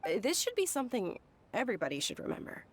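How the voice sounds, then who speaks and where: Brief: sincere game heroine, slightly high, very expressive, soft-spoken. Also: female voice, quick pace, slightly rough, heavily acted. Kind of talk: video game dialogue.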